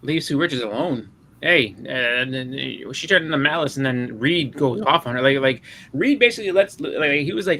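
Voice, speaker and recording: A man's voice: mid-range voice, animated, normal speed, pushed and bright, a little hiss or hum. A man in casual chat as a podcast co-host, rambling and repeating words as he acts out quotes.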